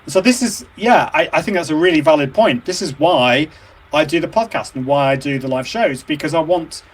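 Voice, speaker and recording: A fairly high-voiced man hosting a solo episode of his own show. He chats to his audience in an upbeat, enthusiastic way, circling back and repeating himself as he thinks aloud. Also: brisk. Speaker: podcast and live show host. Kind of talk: solo casual chat to viewers.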